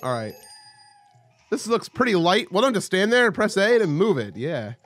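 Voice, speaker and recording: High-pitched and speaking at normal speed, a young man hosts a let's play. He's excitable and jokey as he narrates his gameplay, with sudden yelps mixed in.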